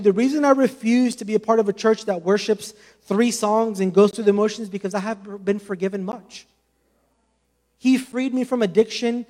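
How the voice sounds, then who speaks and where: A man's voice: high-pitched, moderate pace, darkish tone. A man preaching a sermon with passion, speaking conversationally and adding many casual asides.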